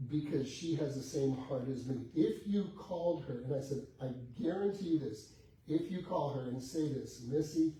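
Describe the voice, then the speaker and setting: A man's voice: mid-range voice, mellow. Man telling a sales story in an echoey room. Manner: acts out both sides of a sales conversation, laughing often. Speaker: real estate coach. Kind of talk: animated storytelling to a class. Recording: echoey room with faint background noise, heard from a distance.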